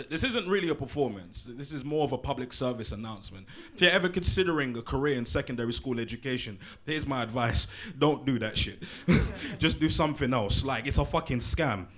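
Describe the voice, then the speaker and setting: Young man, stand-up comic, crude, swears a lot, teases the crowd, mid-pitched voice. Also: lively intonation, fairly quick, fairly bright tone. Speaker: stand-up comedian. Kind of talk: live stand-up set. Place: small comedy club in a pub.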